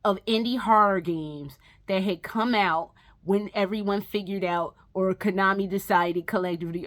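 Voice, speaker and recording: A woman's voice: medium pitch, moderate pace. A woman gaming vlogger ranting casually and profanely, exasperated, breaking into mocking whiny impressions.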